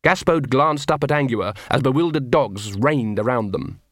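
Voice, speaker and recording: A man's voice: medium pitch, moderate pace, dry recording. Dry, wry male audiobook narrator.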